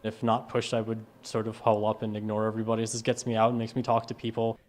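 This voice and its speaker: A man interviewed about organizing live-action role-play, explaining casually and quickly. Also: lowish voice, monotone.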